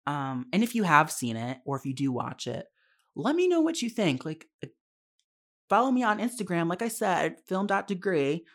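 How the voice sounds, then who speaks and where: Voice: mid-range voice, big pitch swings, moderate pace, fairly bright tone. Young podcast host ranting casually about a movie, swears a lot, laughs a lot, lots of "like" and "um". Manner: candid, swears freely, laughs often; chatty with frequent fillers and asides. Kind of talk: casual solo film review podcast.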